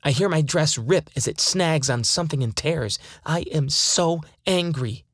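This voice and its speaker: A woman's voice: deep voice, unhurried, husky, dry recording, studio quality, exaggerated voice. A woman playing a frightened woman taken by aliens, her fearful pleading turning into angry defiance. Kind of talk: dramatized first-person account.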